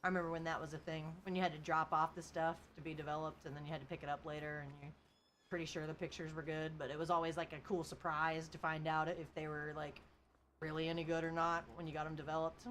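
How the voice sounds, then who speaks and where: A woman's voice: deep voice, flat delivery, quick pace, a bit bright, a little hiss or hum. A woman live-streaming casual chat from a farm while driving a tractor, chatty and laughing often as she answers her viewers.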